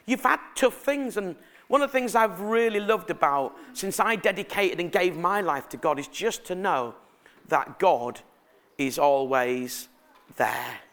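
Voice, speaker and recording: A middle-aged man preaching a sermon, telling family stories in a chatty, animated way and asking the congregation questions. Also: on the high side.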